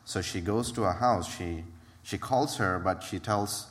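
A man's voice: low voice, measured pace, a bit bright. Man sharing a church testimony in a hall. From Malaysia. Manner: hesitant, many fillers and restarts. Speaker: ministry worker. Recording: reverberant hall.

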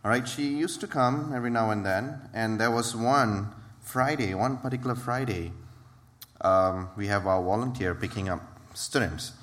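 A man's voice: on the low side, normal speed, fairly bright tone. A man from Malaysia telling a church testimony, hesitant, with many fillers and restarts. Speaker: ministry worker. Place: church hall. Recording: reverberant hall.

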